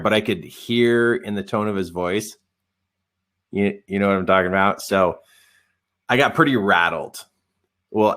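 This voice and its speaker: In a live webinar, a man coaching tells a story in an animated, self-deprecating way, acting out the dialogue. His voice sits on the low side.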